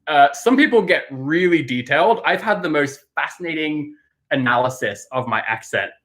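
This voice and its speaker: A man from the UK hosting a casual live Q&A, chatty and hesitant, pausing often with fillers as he answers. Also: fairly high pitch, lively intonation, fairly bright tone. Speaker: livestream host answering questions.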